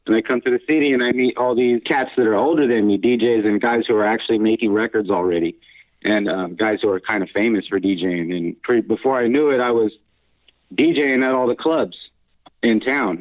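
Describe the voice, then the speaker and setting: Man on a tinny phone line. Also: mid-range voice. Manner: rambling, restarts, frequent laughs. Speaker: guest, house music DJ and producer. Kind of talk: casual storytelling interview.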